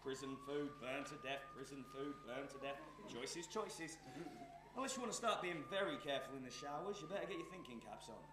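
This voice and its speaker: Man acting as sneering arsonist, stage play, lively swooping voice, echoey hall. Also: fairly high pitch, fairly quick, very noisy, close to an everyday voice. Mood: menacing, taunting. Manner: taunting, sneering. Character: menacing scheming male arsonist, mocking and cruel. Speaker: stage actor.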